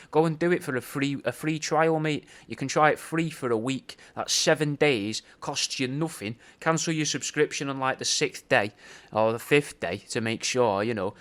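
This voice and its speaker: A man's voice: medium pitch, fairly bright tone. A man with a British accent hosting a podcast, delivering a rambling, sweary, conspiratorial comic monologue. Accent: British English. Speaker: podcast host.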